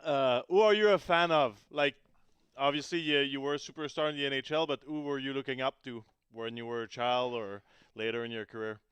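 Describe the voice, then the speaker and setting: A man with a Québécois French accent co-hosting a podcast. He reads questions in a relaxed way with hesitant fillers. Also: medium pitch, a little fast, clean tone, no echo. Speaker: podcast co-host. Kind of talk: casual hosting chat.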